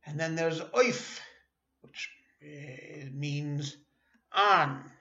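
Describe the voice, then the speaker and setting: Man, slow language lesson, patient and halting, slightly high voice, echoey room, dull lo-fi sound. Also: sharp tone. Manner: patient, repeats and corrects himself, hesitant fillers. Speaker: language teacher.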